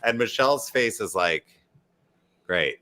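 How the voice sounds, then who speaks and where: A man co-hosting a casual reality TV recap, talking animatedly and jumping into high mocking voices when he quotes people. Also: animated, measured pace, bright, forceful tone. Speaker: co-host of a reality TV recap show.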